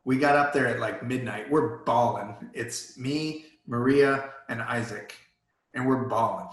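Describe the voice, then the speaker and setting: A man's voice: mid-range voice, a little slow, fairly bright tone, echoey room, rough recording. A man guest in a virtual Q&A, telling a personal story in an earnest, emotional way. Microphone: video call.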